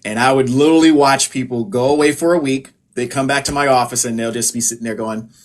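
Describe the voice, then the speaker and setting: A man from the United States talks through health advice in a loose, conversational way, dotting his points with filler phrases. His voice sits at an ordinary male pitch. He sounds like a practitioner speaking to viewers on a live stream. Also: fast talker. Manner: relaxed, explanatory, many filler phrases. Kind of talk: casual live-stream talk.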